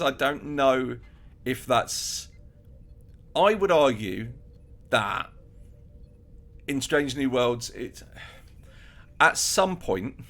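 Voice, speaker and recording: Male podcast co-host, mid pitch, loose rambling chat, acts out quotes. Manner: animated, acts out quotes, many restarts. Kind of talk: casual chat.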